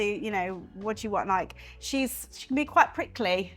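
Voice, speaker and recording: A woman's voice: mid-range voice, normal speed, a bit bright, faint music behind. A mother chatting casually as a guest on a panel show about her children.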